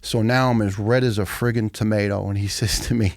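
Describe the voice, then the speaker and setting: A middle-aged man tells his story as a podcast guest. He is blunt and profane and keeps the telling animated. His voice has a gravelly rasp, recorded close and dry with no room sound. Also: on the low side, brisk, hardly any pauses, dry recording. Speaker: guest, retired firefighter.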